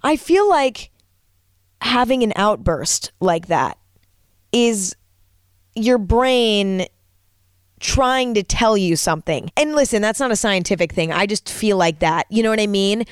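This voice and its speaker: A woman's voice: medium pitch, lively intonation, a little slow, smooth, no room sound, studio quality. A woman hosting a solo podcast, talking candidly and reflectively, swearing freely and checking in with "right?" and "you know?". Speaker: podcast host. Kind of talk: casual solo podcast talk.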